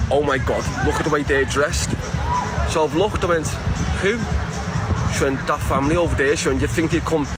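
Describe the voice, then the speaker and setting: A man's voice: on the high side, rough recording. A man with a Scouse accent telling a story in a casual, profane way and acting out the dialogue. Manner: animated, profane, acts out dialogue. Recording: loud background noise.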